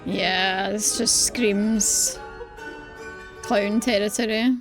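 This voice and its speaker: A woman co-hosting a reaction channel in casual chat, animated and full of exclamations. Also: mid-range voice, very slow, music in the background. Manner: animated, exclamatory, laughs often.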